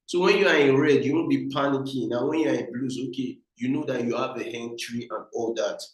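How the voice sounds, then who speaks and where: A man's voice: mid-range voice, steady tone, a little fast. A man with a Nigerian English accent giving a trading lesson, emphatic and repetitive, often calling his viewers guys. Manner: emphatic, repeats points, addresses viewers as guys. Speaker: trading mentor. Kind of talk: instructional talk. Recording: very echoey room.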